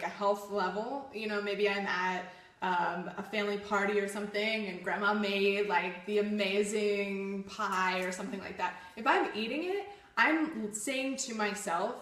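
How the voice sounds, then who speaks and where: A woman's voice: medium pitch, fairly even intonation, measured pace, a bit bright, echoey room. A woman co-hosting a live fitness show, chatting casually in an upbeat, encouraging way. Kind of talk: casual live-stream chat.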